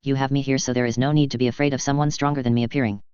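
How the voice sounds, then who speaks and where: A casually confident, overpowered young man, as a man reads him in a dull, dry audiobook voice. The tone is clear and smooth, and he takes everything lightly. The reading stays even and unhurried. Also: medium pitch, no room sound, lightly acted. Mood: offhand.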